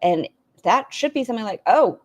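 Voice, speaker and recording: A woman's voice: on the low side, very animated, moderate pace. A woman hosting a reaction video, making sarcastic, profane asides. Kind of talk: casual commentary.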